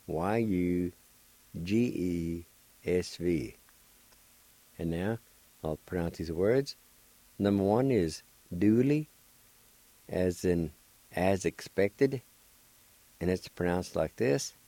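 Slow, patient man teaching pronunciation. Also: sits low, warm tone, dry recording. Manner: patient, spells and repeats syllables. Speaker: radio language teacher. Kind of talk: slow word-by-word pronunciation lesson.

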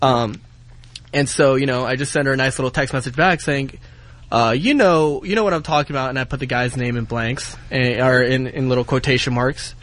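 A man's voice: mid-range voice, fairly quick, a bit bright. A young man, an intern, retelling a breakup on the radio in a rambling, heated way with many fillers. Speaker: intern telling his story on air. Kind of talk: casual storytelling.

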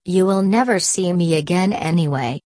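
A humble, downcast young girl, as a woman reader puts her on from a fairy tale. Soft, low and sorrowful, in a dry close recording. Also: moderate pace, no echo, lightly acted.

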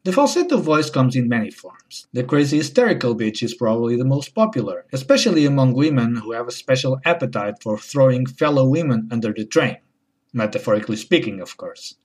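Animated man with a deadpan comic monologue. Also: mid-range voice, brisk. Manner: deadpan, wry, switching into mocking voices. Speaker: comedy host. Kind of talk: comedic monologue.

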